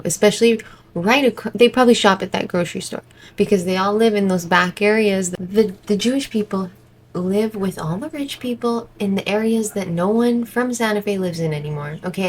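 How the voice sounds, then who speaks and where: A woman's voice: medium pitch, poor audio. A woman vlogger giving exasperated, indignant commentary as she reacts to a protest video from home. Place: indoors at home.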